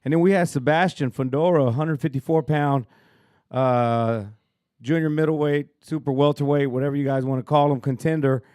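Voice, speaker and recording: A man's voice: a little high, steady tone, moderate pace, darkish tone, clear, resonant tone, no echo, studio quality. A man in his thirties co-hosting a boxing podcast outdoors, easygoing and joking, often laughing. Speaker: podcast co-host. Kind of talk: casual chat. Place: rooftop outdoors in downtown Dallas.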